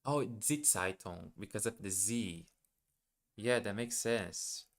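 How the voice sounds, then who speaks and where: A man's voice: on the low side, takes it slowly. A man on a casual live stream, thinking aloud as he works through a language app. He hesitates, questions himself and repeats practice words. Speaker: live streamer learning German.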